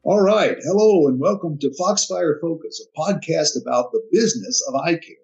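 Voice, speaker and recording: A man's voice: fairly high pitch, normal speed, a little mellow, soft background music. A man hosting a business podcast, introducing his guest and prompting him in a friendly way. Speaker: podcast host. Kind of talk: interview hosting. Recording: dull lo-fi sound.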